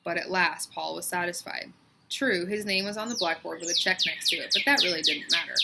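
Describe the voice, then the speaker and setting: A woman reading a children's book aloud with lively, expressive storytelling. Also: on the low side, brisk, gravelly, heavy background noise. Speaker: storybook reader.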